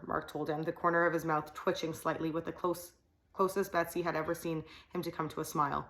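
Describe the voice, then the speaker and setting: An audiobook reader, a woman with a slightly low voice, reads a novel aloud steadily and plainly at a fairly quick pace. She occasionally stumbles over a word before carrying on. The audio is poor.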